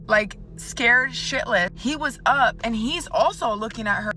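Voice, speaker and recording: A woman's voice: fairly high pitch, moderate pace, few pauses, bright, forceful tone. A woman in her twenties telling a storytime vlog in a chatty, profane way, talking straight to the viewer.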